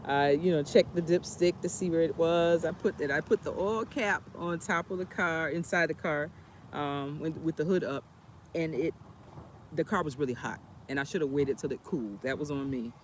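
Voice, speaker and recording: A woman's voice: sits low, moderate pace, slight background noise. A woman chatting casually on a storytime livestream, rambling with many fillers while sitting on a bench outdoors. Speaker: travel vlogger.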